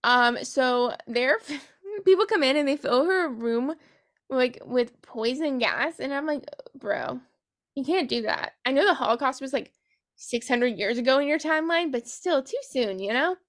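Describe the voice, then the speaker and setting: A woman's voice: high voice, animated, moderate pace. A woman hosting a book podcast, recapping a novel in casual chat. She is sarcastic, swears freely and giggles at her own jokes.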